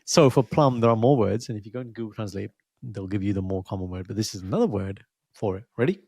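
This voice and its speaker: A man's voice: lowish voice, quick pace, a little mellow, husky, no room sound. A man co-hosting a podcast, chatting casually and playfully teaching words with jokes. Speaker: podcast co-host. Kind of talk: casual chat.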